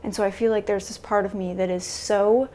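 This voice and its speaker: A woman vlogging a confessional self-talk monologue to camera, halting and searching for words with many restarts. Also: mid-range voice, steady tone, warm tone, a little hiss or hum. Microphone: camera mic.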